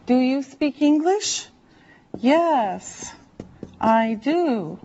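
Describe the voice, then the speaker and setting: A woman teaching an English lesson, drilling words and phrases slowly and deliberately, repeating each one. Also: high-pitched, lively intonation, mellow, muffled recording, slight background noise. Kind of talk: classroom language lesson.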